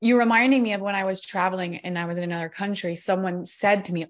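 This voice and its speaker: A woman's voice: mid-range voice, fairly even intonation, fast. A woman hosting a podcast interview, chatty and bubbly, often acting out what people said to her. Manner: bubbly, chatty, acts out quotes. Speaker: podcast host. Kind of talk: casual interview chat.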